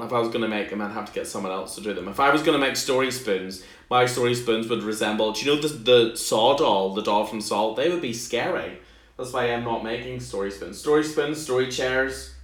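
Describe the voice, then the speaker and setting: A man's voice: mid-range voice, a bit bright, echoey room. A man with a Northern Irish accent hosting a casual solo podcast, chatty, rambling and self-deprecating. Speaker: podcast host.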